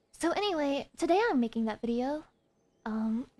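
A woman's voice: high-pitched, expressive, measured pace. Playful, sarcastic young woman streamer. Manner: playful, sarcastic, breaks into hushed ASMR-style whispers. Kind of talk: casual gameplay commentary.

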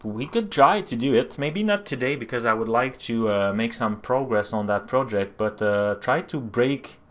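A man with a Quebecois French accent live-streams while coding, thinking out loud and answering chat questions with plenty of fillers and restarts. His medium-pitched voice is expressive and a bit bright, moving at a normal speed.

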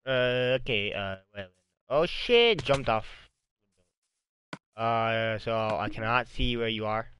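Bright-voiced man swearing over a game. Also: mid-range voice, expressive, takes it slowly, clean tone. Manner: swears freely, a bit lost and hesitant. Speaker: co-player. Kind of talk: casual gaming chat.

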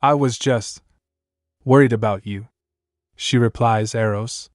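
A man with a mid-range voice and fairly even intonation slowly narrates a story recap. He reads every character's lines in the same plain tone, recorded dry as a voice-over with light music underneath.

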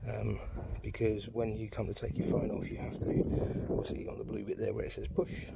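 A man's voice: fairly low pitch, monotone, brisk, vocal fry, heavy background noise. A man giving a casual how-to talk while fitting a phone mount, with lots of ums and fillers. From United Kingdom. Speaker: vlogger demonstrating an install. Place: outdoors by a motorbike.

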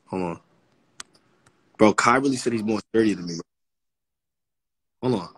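A man's voice: fairly low pitch, moderate pace, husky. A man in his twenties, chatting casually on a livestream and joking trash talk at his viewers. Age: 20s.

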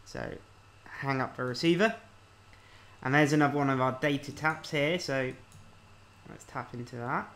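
A man casually commenting on a video game as he plays, reading the on-screen text aloud and thinking out loud. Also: mid-range voice, normal speed. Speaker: let's-play host.

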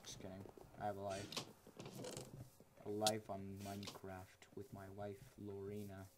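A man casually commenting while he plays a game, goofy and excitable with lots of exclamations. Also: fairly low pitch, a little slow. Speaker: gaming channel host.

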